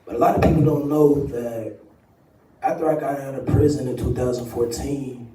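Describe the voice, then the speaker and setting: Man, emotional testimony, mellow tone, heard from a distance in an echoey space. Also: mid-range voice, fairly even intonation. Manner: soft-spoken, halting, frequent ums. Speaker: activist and co-founder of a group. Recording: distant, roomy livestream audio with faint noise.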